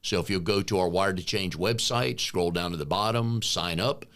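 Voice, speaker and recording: A man's voice: deep voice, normal speed. A middle-aged man co-hosting a business coaching podcast in a chatty, joking way. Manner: joking, chatty, relaxed banter. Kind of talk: casual podcast chat.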